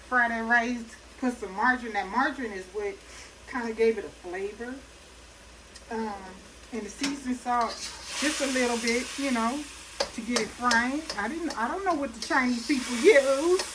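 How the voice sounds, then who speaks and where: A fairly high-voiced woman chats and laughs her way through a home cooking demo. She sounds set back from the mic, and loud frying and sizzling runs under her voice. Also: distant mic, background noise. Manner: chatty, folksy, talks while cooking, laughs often. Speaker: cooking channel host. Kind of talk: casual cooking demonstration. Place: home kitchen at a hot stove.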